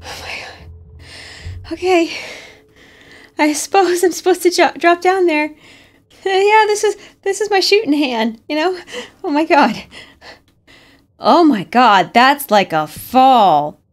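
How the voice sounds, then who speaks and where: A woman's voice: sits high, expressive, slow, pauses often. A young woman commenting on a horror game, jumpy and nervous, swearing and talking herself through scares. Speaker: gaming streamer.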